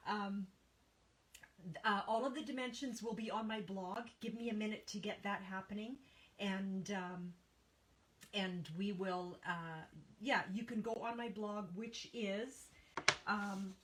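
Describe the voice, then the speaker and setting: On a rough recording, a Canadian papercraft host with a mid-range, slightly bright voice streams live from her home studio. She chats casually, reads viewers' names aloud, and coughs now and then from a tickle in her throat.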